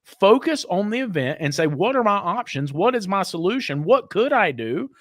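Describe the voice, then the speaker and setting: Lively, higher-voiced man telling stories. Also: moderate pace, no room sound, studio quality. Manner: animated, acts out voices in anecdotes. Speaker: podcast co-host. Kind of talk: casual storytelling chat.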